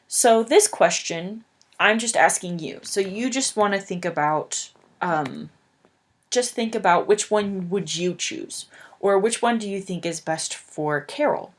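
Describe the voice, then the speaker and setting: A woman's voice: mid-range voice, expressive, unhurried. A young woman teaching an English lesson, patiently explaining words with plain fillers. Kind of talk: slow English lesson, reading aloud.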